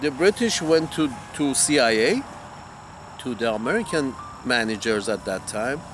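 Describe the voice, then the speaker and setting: A man's voice: mid-range voice, expressive, normal speed, noisy background. A man ranting in a heated, profane monologue, repeating himself and restarting as he goes. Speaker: commentator.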